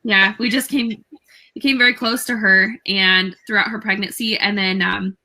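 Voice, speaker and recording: A young woman, a guest on a talk show, telling a story casually with many fillers and lively quoted dialogue. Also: mid-range voice, normal speed, low-quality recording.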